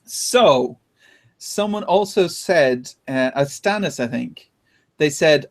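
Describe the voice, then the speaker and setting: A man hosting a podcast, chatting casually and retelling things with animated laughter. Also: mid-range voice, slow pace. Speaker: podcast host. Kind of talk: casual chat.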